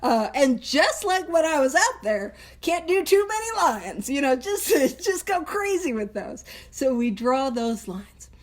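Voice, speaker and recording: A woman's voice: high-pitched, very animated, unhurried, few pauses. A woman hosting a recovery book study, teaching in a chatty, casual way, laughing often and wandering into tangents.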